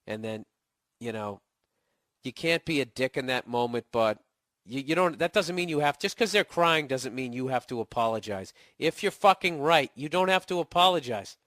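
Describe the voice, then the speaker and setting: In studio-quality audio with no room sound, a middle-aged Boston comedian reads a listener's email on his podcast and rips into it with profane, sarcastic advice and mocking falsetto voices. His expressive, fairly bright voice moves at normal speed and cracks as he recovers from a cold.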